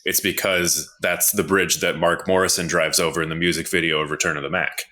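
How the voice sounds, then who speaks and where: A man's voice: low voice, little pitch movement, a little fast, pushed and bright. A man competing on a comedy podcast, pushing mock-serious conspiracy theories with a straight face. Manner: mock-serious conspiracy talk, dry jokes. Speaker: contestant.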